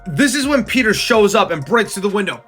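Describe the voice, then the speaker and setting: A young man casually recapping a comic, excited and slangy, acting out the scenes. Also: high voice, brisk, soft background music. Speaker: comic book reviewer.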